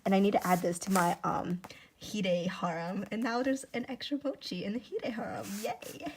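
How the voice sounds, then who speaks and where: A woman chatting casually at home while unboxing gifts. She gushes excitedly, repeats "oh my gosh" and sometimes keeps her voice hushed. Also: medium pitch, moderate pace, background noise. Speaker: YouTuber. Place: at home indoors.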